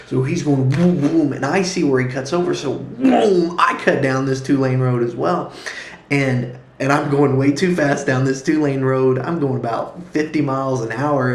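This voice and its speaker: Sex: man. Lively storyteller in an echoey room. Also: mid-range voice. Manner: lively, with sound effects and acted-out quotes. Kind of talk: animated personal storytelling. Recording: roomy echo.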